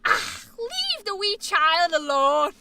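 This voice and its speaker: A woman imitating a protective old grandfather with a Northern Irish accent, speaking slowly and scolding. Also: very high voice, huge pitch swings, noisy background, voice pushed up, heavily acted. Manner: slow, scolding, drawn-out.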